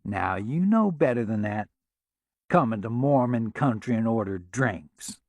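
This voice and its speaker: A man voicing a warm, flirty middle-aged waitress at a truck stop, with a Southern accent and a coaxing, motherly manner. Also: medium pitch, animated, unhurried, no room sound. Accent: American Southern. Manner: coaxing, motherly, calls people honey.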